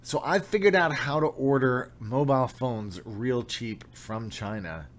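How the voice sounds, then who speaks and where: Man, young adult, livestream host, casual chat, upbeat, greets viewers, mid-pitched voice. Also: unhurried.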